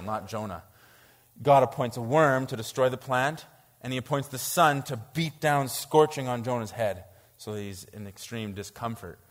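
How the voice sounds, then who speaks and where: Animated man preaching in a church. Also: mid-range voice, long reverb tail. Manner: animated, reads scripture aloud and reacts with incredulity. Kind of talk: sermon.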